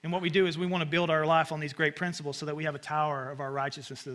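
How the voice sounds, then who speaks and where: A man with a Southern US accent, preaching a conversational sermon with sudden animated asides. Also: on the high side, racing, few pauses. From American South. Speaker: pastor.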